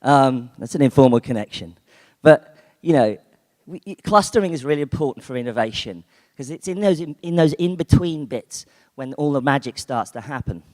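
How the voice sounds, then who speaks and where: A man from the United Kingdom delivers a chatty keynote talk in a conference hall, his mid-range, darkish voice moving at normal speed with lively intonation. His speech is full of fillers and restarts, and the recording carries long hall reverb.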